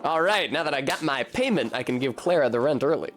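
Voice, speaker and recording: A man chatting through a let's-play stream with offhand jokes. His voice sits at an ordinary middle pitch. The talk is loose and conversational. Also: animated, fast talker, a bit bright, a little hiss or hum. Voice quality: chatty, jokey asides. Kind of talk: casual let's-play commentary.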